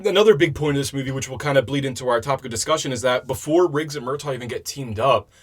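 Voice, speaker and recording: A man co-hosting a podcast, talking casually about a movie, excitable and quick to laugh. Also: medium pitch. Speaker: podcast co-host. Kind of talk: casual movie-review chat.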